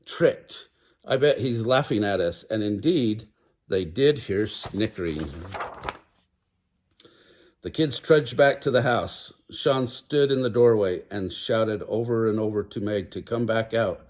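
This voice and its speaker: An older man reading a children's picture book aloud, unhurried, with small stumbles. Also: on the low side, a little mellow. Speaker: storybook reader.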